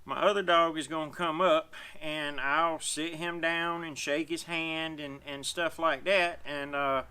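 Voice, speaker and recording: Bright, folksy man, out of breath. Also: on the high side, fairly even intonation, a little slow, clean tone. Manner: rambling, explanatory, folksy. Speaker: dog owner vlogger. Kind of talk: casual talk to camera. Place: outdoors.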